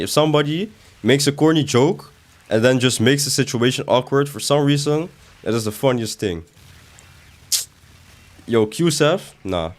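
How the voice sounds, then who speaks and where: A young man chatting casually while he streams a video game, joking back at chat, his voice jumping up when he protests. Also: mid-range voice. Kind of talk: live gaming stream commentary, reading chat.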